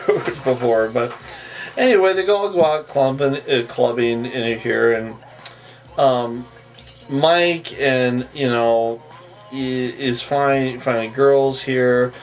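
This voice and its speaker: A man's voice: medium pitch, low-quality recording. A man giving a casual, rambling recap of a TV episode, with a habit of saying "on that" and frequent chuckles. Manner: rambling, repeats the tic "on that", chuckles often. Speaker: recap host.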